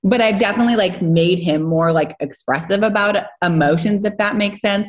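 A woman in her thirties, a guest in casual podcast chat, talking in a chatty, animated way with lots of fillers and quick laughs. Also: on the low side. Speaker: guest, home organizing business owner.

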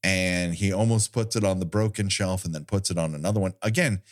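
A man's voice: sits low, brisk. A young man co-hosting a podcast, recapping an old TV episode with sarcastic, swearing comedy and mock voices. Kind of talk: casual comedic chat.

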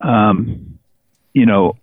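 A man being interviewed about his book on a podcast, speaking thoughtfully with many pauses and restarts. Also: fairly low pitch, no room sound. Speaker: author, interview guest. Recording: dry tinny phone-like line.

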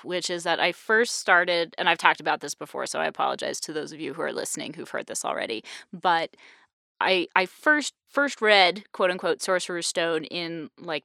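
A young woman hosts a relaxed podcast chat, her voice sitting a little low for a woman. She talks in a lively way, with frequent laughs and quick asides. The sound is close and dry. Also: gravelly, no echo. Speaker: podcast host. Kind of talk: casual group chat.

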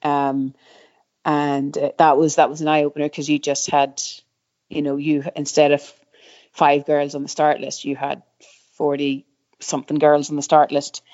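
A middle-aged former downhill mountain bike racer, appearing as a guest in a casual interview, rambles through stories from her racing career with lots of fillers and restarts. Her low, monotone, slightly mellow voice moves at a moderate pace, and the recording is slightly dull and muffled.

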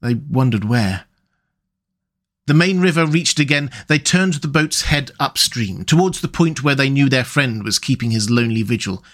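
A man reading a classic storybook aloud as narrator, calm, measured and gently expressive. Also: mid-range voice.

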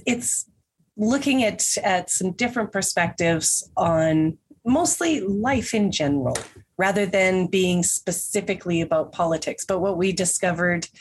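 A woman's voice: mid-range voice, breathy edge. A woman guest on an interview podcast, talking casually with a stuffy nose, rambling with restarts and small laughs.

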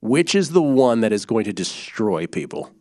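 A man hosting a sports betting podcast, explaining bets in an animated, casual way with quick asides. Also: medium pitch, no echo, clean studio sound.

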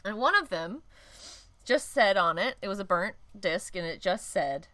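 A woman's voice: mid-range voice, animated, moderate pace, bright, forceful tone. A woman co-hosting a podcast, telling a story in rambling casual chat, laughing often and cutting herself off. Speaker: podcast co-host.

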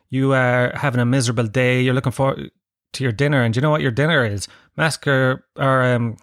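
A man's voice: mid-range voice, a bit bright, no room sound, studio quality. An Irish man hosting a podcast, telling self-mocking comic stories with plenty of swearing. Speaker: podcast host. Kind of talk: solo comic storytelling.

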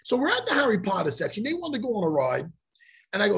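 A man hosting a podcast, telling a story in a profane, animated way and acting out the lines of the people in it. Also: high-pitched, quick pace, gravelly, husky. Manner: profane, animated storyteller who acts out quotes. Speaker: podcast host. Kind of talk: casual storytelling chat.

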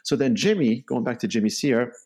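A man's voice: mid-range voice, lively intonation, a little fast, warm tone, slightly rough. A man as a company co-founder in a casual interview, talking in long loose runs full of "you know" and "right?". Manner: rambling, many "you know" and "right?" tags. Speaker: bike company co-founder, guest.

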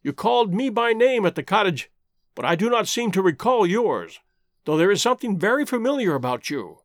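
A man doing a formal, earnest gentleman from a classic adventure novel, speaking with polished courtesy. The voice is high and lively, and dry and close. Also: fairly quick, dry recording. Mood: grateful. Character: polite, earnest gentleman, grateful.

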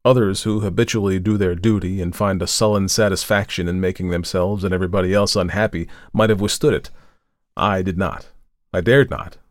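A deep-voiced man with a steady tone reads a story dramatically for his podcast, in the manner of audiobook narration. Quoted speech brings his voice up, tense moments slow him down, and the studio-quality audio has no echo.

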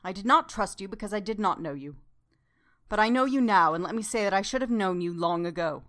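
A woman reading the lines of an earnest, courteous male doctor in a measured, old-fashioned manner. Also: medium pitch, animated, a bit bright, close to an everyday voice.

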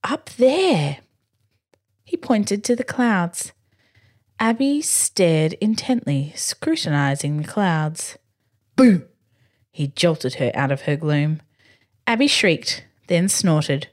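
A woman reading a bedtime story slowly and expressively. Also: deep voice. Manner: slow, expressive, gently animated. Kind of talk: scripted bedtime story narration.

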